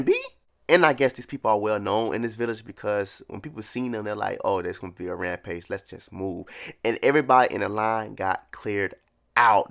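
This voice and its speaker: A man's voice: fairly low pitch, vocal fry, a bit bright. A man casually reviewing a manga chapter, laughing often and acting out character lines. He says he is a little sick.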